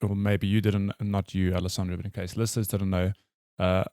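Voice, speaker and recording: This South African man has a lowish voice recorded dry and close, with no room around it. He co-hosts a casual gaming podcast over a remote call, laughing often and tossing in quick, playful asides. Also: little pitch movement, warm tone, no echo. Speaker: podcast co-host. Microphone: remote call mic.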